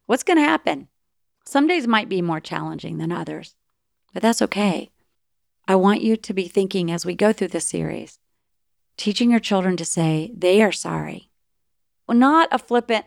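A woman's voice: medium pitch, animated, moderate pace, vocal fry, long pauses, dry recording, studio quality. A middle-aged woman giving an earnest, encouraging faith-based talk on parenting, sometimes acting out what parents and children say. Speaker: Christian parenting speaker.

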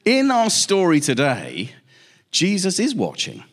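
A man preaching a sermon, telling stories with lively emphasis and repeated questions. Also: high-pitched, measured pace.

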